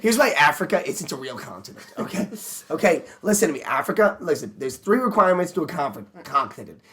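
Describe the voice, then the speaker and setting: Guy doing a pedantic male pundit parody, rapid, lecturing, slightly raised pitch. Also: very animated, a bit bright. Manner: pedantic lecturing, "speaking" qualifiers. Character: smug fast-talking male pundit lecturing.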